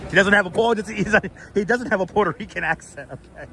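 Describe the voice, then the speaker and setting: A man's voice: high voice, fast talker, vocal fry. A man with a Brooklyn accent hosting a casual live-stream walking tour, joking and swearing as he chats with viewers. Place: outdoors on busy city streets. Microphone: wireless clip-on mic. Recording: loud city street noise.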